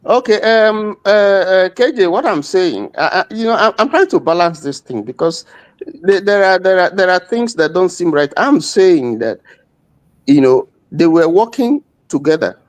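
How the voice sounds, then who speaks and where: A middle-aged man debating hard on a panel, his voice pitched somewhat high. He repeats points for emphasis and talks over others. The sound is dry and close. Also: animated, moderate pace, no echo. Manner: emphatic, repeats himself, interrupts. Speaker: panel guest. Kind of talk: heated debate.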